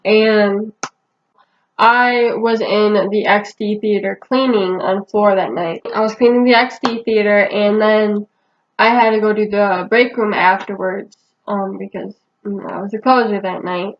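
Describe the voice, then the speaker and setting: A woman's voice: medium pitch, steady tone, a little slow. A young woman co-host telling a casual story in a chatty, swearing way. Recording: dull lo-fi sound with faint hiss.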